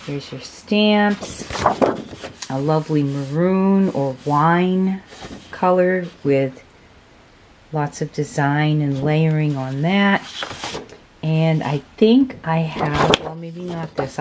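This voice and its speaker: A woman's voice: deep voice, slow pace, a little mellow, slight background noise. A woman hosting a craft channel, showing off supplies in a chatty, gushing, admiring way. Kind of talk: casual show-and-tell of craft supplies.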